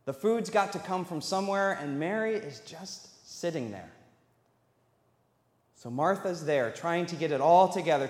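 Male pastor, slightly high voice, chatty sermon delivery, echoey church hall. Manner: conversational, asks the congregation questions. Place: church sanctuary. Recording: echoey hall, long reverb.

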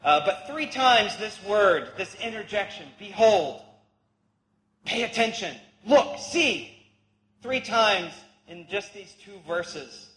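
A man's voice: sits high, animated, a little slow, hardly any pauses, pushed and bright. A man preaching a sermon, reading scripture and explaining it in a conversational way with playful asides. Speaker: pastor. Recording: echoey hall with long reverb.

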